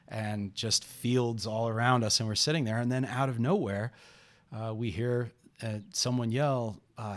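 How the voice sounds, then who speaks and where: Male podcast host, middle-aged, lower register, loose storytelling delivery full of restarts. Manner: unhurried, rambling, frequent "uh" and restarts.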